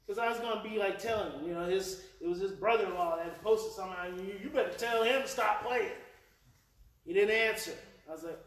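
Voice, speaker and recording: A man's voice: high voice, moderate pace, fairly bright tone. A man in his forties from Oklahoma, with an Oklahoma accent, giving a live workshop talk to parents, telling stories with emotion and repeating his key phrases. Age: 40s. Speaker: parenting educator and presenter. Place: presentation hall before a live audience. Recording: roomy live hall, voice picked up from a distance, faint noise.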